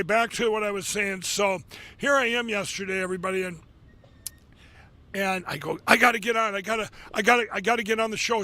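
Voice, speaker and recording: A middle-aged man hosting a live show from his office, rambling casually with many fillers and restarts, getting excited as he talks. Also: high voice. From Minnesota. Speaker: show host. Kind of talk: casual live monologue with ad pitches.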